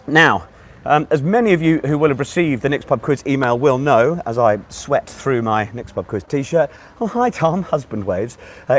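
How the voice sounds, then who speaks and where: A man hosting a live online pub quiz, chatting with viewers and reading out their messages while hoarse and still out of breath. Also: medium pitch. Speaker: quiz host. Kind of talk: live-streamed quiz banter.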